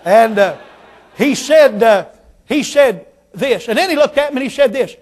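A man preaching a storytelling sermon, swinging between emphatic shouts and hushed tones. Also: very high-pitched, expressive, normal speed. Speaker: pastor.

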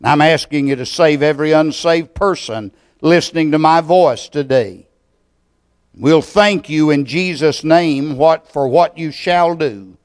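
A man preaching a sermon and leading a prayer, with a deliberate, measured delivery full of pauses. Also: a little high. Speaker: pastor.

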